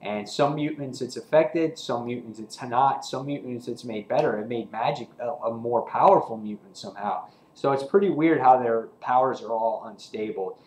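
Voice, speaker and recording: A man casually reviewing a comic book, excited and rambling, with lots of fillers and restarts. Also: medium pitch, normal speed, few pauses, roomy sound, poor audio.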